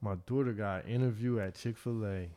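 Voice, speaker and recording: A middle-aged man hosting a podcast, telling stories in a loose, profane, animated way with frequent laughter. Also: fairly low pitch, brisk. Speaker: podcast host. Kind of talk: casual chat.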